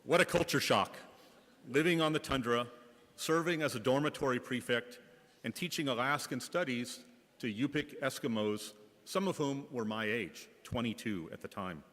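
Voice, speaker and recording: A man's voice: medium pitch, normal speed, a bit bright. A man from the Bay Area, a school principal, telling wry anecdotes with light comic timing during a reflection in church. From Bay Area, California. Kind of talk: humorous storytelling reflection in church. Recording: reverberant church hall.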